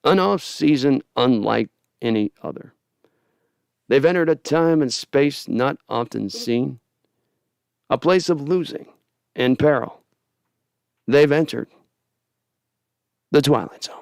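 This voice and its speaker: A man imitating a solemn older television narrator, speaking slowly and gravely. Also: mid-range voice, a little mellow, no echo, clean studio sound. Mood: ominous. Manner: slow, grave, measured narration.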